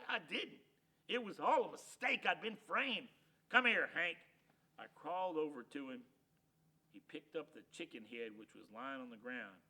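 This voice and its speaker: A man reading a children's storybook aloud in the first person, narrating in an expressive, dramatic way. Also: medium pitch.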